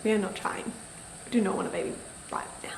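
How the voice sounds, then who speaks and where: A woman's voice: medium pitch, fast talker, creaky, reverberant, slight background noise, rough recording. A young woman, chatting casually to camera and telling a story with many "likes" and acted-out quotes. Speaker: vlogger.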